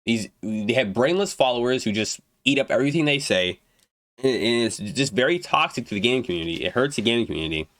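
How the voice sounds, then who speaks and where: A man's voice: medium pitch, expressive, fast, a bit bright, no room sound. A young man ranting about video games, blunt and profane, stumbling and restarting his words, his throat going dry. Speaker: gaming YouTuber. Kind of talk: unedited rant to camera.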